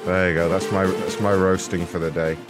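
A man hosting a show and making prank phone calls, delivering insults in a mock-polite, deadpan way. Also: low-pitched, fairly quick, over music. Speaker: host and prank caller.

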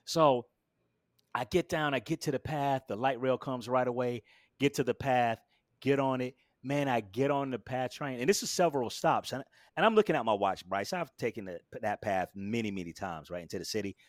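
A man recounting a story in a relaxed interview, lively and expressive. He acts out quotes with sudden jumps in pitch and loudness. The sound is dry and close, with no room around it. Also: normal speed, dry recording. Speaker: guest.

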